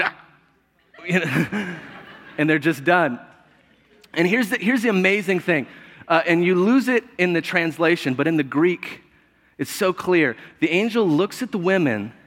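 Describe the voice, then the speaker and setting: A man preaching a sermon in a relaxed, conversational way, joking and laughing often as he goes. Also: fairly high pitch, big-room sound. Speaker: pastor.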